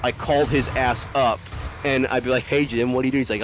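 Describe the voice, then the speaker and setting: A man's voice: mid-range voice, steady tone, fast talker, background noise. A man casually telling a long story to friends, rambling, swearing freely and often breaking into laughter.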